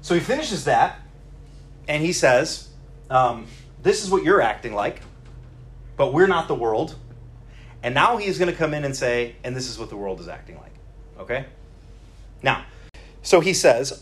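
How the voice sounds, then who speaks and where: A man preaching a Bible teaching in a conversational, animated way, acting out quoted lines and often restarting his sentences. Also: mid-range voice, moderate pace, pauses often. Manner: many restarts and repeated words. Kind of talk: sermon.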